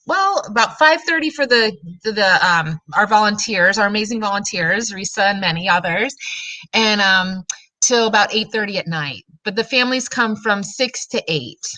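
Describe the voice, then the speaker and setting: A middle-aged woman guest telling her personal story on a radio show, earnest and halting, with many fillers. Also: mid-range voice, sharp tone, no room sound, poor audio. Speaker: guest, grief support coordinator. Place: radio studio.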